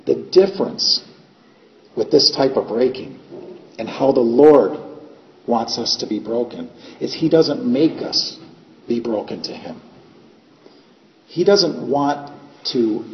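A man preaching a sermon in a plainspoken way, using homely examples and repeating his points. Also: medium pitch. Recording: echoey hall, dull lo-fi sound, faint noise.

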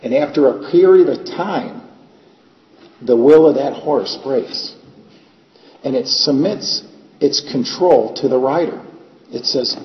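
A man's voice: medium pitch, slow pace, pauses often. A man preaching a sermon in a plainspoken way, using homely examples and repeating his points. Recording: echoey hall, dull lo-fi sound, faint noise.

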